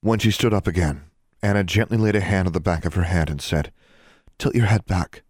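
A man reading a story aloud, expressive and giving each character a voice. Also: low-pitched, quick pace, breathy edge, dry recording, studio quality. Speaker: audiobook narrator. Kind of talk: storybook narration.

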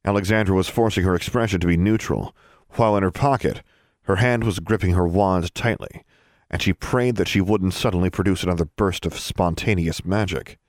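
A man with a very deep voice reads a fantasy novel aloud at a steady, even pace. The recording is dry and close, with no room sound. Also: a little fast, dry recording. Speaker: narrator. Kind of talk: audiobook narration.

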